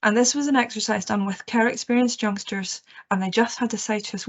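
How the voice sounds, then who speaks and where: A woman's voice: on the high side, fairly even intonation, fairly quick. A woman giving a training presentation to teachers, earnest and reassuring, often checking in with "okay". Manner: earnest, reassuring, with frequent okays and ums. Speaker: education trainer. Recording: muffled lo-fi recording.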